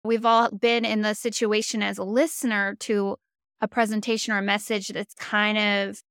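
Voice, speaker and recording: A woman hosts a podcast, musing aloud and posing questions in an easy, conversational way. Her voice is smooth and resonant but has a gravelly fry at the edges, and it is recorded dry and close. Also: mid-range voice, little pitch movement, normal speed, fairly bright tone, dry recording. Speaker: podcast host. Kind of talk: podcast interview.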